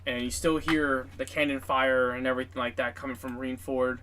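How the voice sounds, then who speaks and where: A man's voice: medium pitch, flat delivery, a little fast, sharp tone, slight background noise. A man narrating a tabletop game as game master, in a casual, filler-heavy, profane way.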